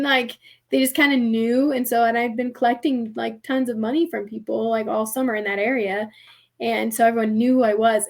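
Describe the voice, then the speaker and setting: A young adult woman telling a personal story as a podcast guest, chatty and animated, filling her speech with "like" and acting out quoted voices. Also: on the high side. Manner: animated, heavy use of "like", acts out quoted voices. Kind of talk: casual storytelling.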